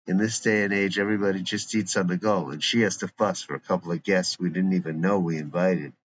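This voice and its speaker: A blunt, grumbling middle-aged father who suspects everyone, as a man reads him. The voice sits very low, and the recording is dull and lo-fi with a faint hiss behind it. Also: fairly even intonation, brisk, close to an everyday voice. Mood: gruff. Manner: gruff, blunt.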